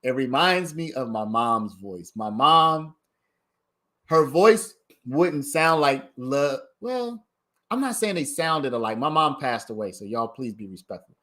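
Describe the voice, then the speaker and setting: A man's voice: mid-range voice, expressive, a little slow, bright, forceful tone. A man hosting a casual livestream, giving his commentary in a chatty way and talking straight to his viewers. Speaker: livestream host commenting on a trial.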